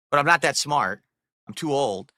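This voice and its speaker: A man's voice: fairly high pitch, sharp tone, no room sound, clean studio sound. A man streaming live, ranting in a mocking, profane, exasperated way. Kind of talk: livestream rant.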